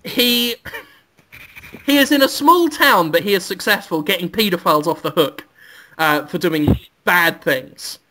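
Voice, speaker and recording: A man, a podcast co-host, telling an absurd comic story and giggling often. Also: measured pace. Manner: giggly, absurd deadpan pitch.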